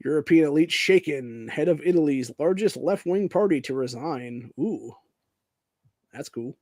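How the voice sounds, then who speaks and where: A man's voice: fairly high pitch, lively intonation, moderate pace, a little mellow, no room sound. A man hosting a casual political show, ranting angrily with heavy profanity and calling everyone "dude". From Ohio, USA. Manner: profane, angry, says "dude" often. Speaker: podcast host.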